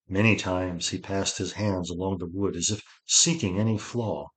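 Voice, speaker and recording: A man narrating a fantasy audiobook in a steady, measured storytelling manner. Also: low-pitched. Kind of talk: scripted narration.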